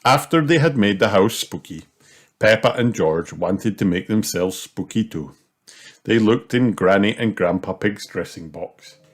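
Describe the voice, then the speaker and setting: A man reading a children's storybook aloud as narrator, slow, clear and expressive. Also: lowish voice. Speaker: storybook reader. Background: soft music.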